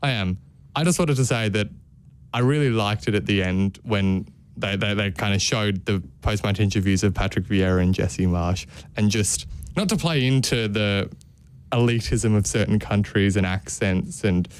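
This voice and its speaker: Young male co-host with a low, resonant voice; animated and rambling, casual chat. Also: moderate pace, clean tone. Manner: animated, rambling, laughs often. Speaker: podcast co-host.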